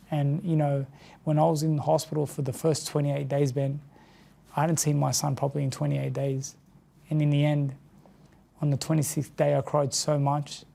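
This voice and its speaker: A tired man with an Australian accent speaks in a gravelly, darkly mellow voice with a flat, even delivery. He talks heartfelt and earnest in a personal interview, often repeating words as he goes. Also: fairly high pitch, normal speed. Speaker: interview guest, former boxer.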